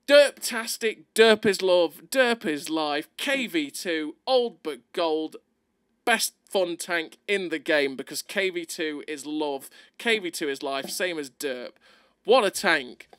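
A man doing excitable, playful gameplay commentary over a video, laughing often, recorded close on a desk mic. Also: on the high side, takes it slowly, smooth, no room sound.

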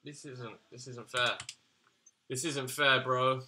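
A man's voice: medium pitch, level tone, slow, sharp tone, a little hiss or hum. A young man giving casual, exasperated gaming commentary, swearing and slangy as he reacts. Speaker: gaming YouTuber.

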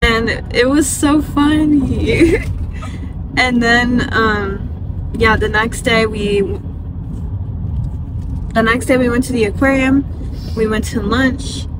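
A woman's voice: on the high side, slow, pauses often. A young woman, rambling through a story in a casual car chat, giggling often. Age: young adult. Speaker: vlogger. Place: parked car. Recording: noisy car interior.

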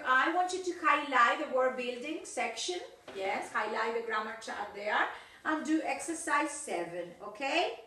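Bright-voiced teacher in an echoey room. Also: female voice, on the high side. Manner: talks through exercises with frequent "yes, okay?" checks. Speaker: English teacher. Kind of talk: recorded video lesson. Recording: echoey room, far from mic.

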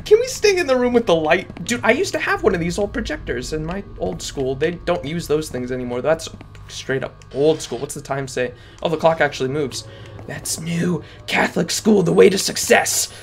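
A man playing a horror game on camera, talking through it with constant swearing and frightened shouts. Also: a little high, animated, moderate pace, vocal fry, faint music behind. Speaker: gaming YouTuber. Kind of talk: horror game playthrough commentary. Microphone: webcam setup with face cam.

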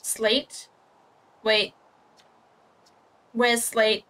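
A young adult woman speaks very slowly in a fairly high, slightly bright voice with little pitch movement. Streaming a game, she chats casually with herself and her viewers, joking about how clumsily she plays.

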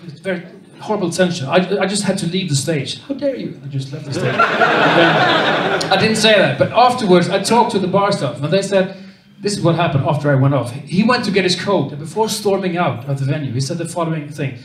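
Swedish stand-up comic, high-pitched, dry and ironic, recorded far off in an echoey club. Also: male voice, fairly quick, hardly any pauses. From Sweden. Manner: deadpan, dry ironic delivery. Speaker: stand-up comedian. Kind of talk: stand-up comedy set. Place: comedy club stage. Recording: roomy club from a distance, loud noise. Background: audience laughter.

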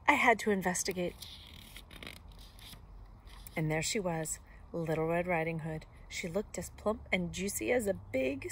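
A woman teacher reading a picture book aloud expressively, with soft whispered asides. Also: lowish voice, unhurried, long pauses, slightly rough. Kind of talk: storybook read-aloud.

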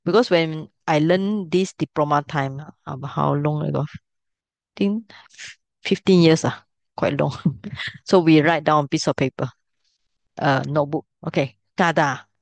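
Woman, middle-aged, language teacher, low voice, dry close sound, patient explaining. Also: unhurried, creaky, dry recording. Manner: patient, explains step by step, checks understanding often. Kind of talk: online class teaching.

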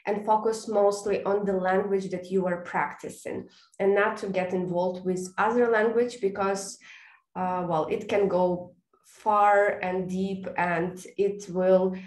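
A woman teacher trainer talks through feedback techniques at a middle pitch, acting out little student and teacher exchanges as she goes. Her voice carries a noticeable room echo. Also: steady tone, a little slow, darkish tone. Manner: explains by example, acts out student and teacher lines. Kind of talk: online teaching workshop talk.

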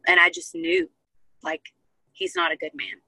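A woman's voice: very high voice, big pitch swings, normal speed, gravelly, sharp tone, no echo, rough recording. A young woman talking as a guest, telling her personal testimony in an earnest, heartfelt way. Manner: earnest, heartfelt storytelling with many fillers. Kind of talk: personal testimony in casual chat.

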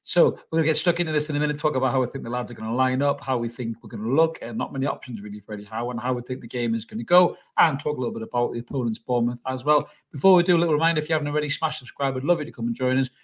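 A man's voice: medium pitch, racing, few pauses. A man hosting a casual football match preview, blunt and opinionated. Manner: blunt, opinionated, swears about rivals. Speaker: football channel host.

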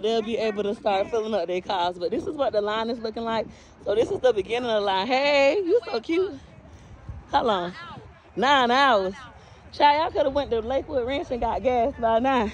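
A woman's voice: on the high side, normal speed. A woman from Tampa, Florida, chatting casually into a phone camera while walking outdoors past a long gas line, a bit out of breath and greeting passersby. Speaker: vlogger. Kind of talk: casual walking vlog reporting.

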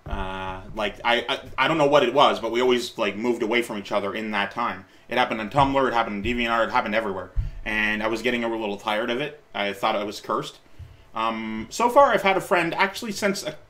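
A man in his late twenties, with a lowish, slightly bright voice and a somewhat fast pace, gives casual reaction commentary on his old video. He rambles, corrects himself, laughs at himself and offers encouragement.

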